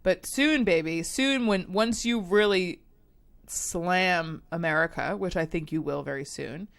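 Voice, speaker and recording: Animated laughing woman podcast host. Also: fairly low pitch, unhurried, creaky. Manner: animated, laughing storyteller with many fillers. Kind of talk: casual chat.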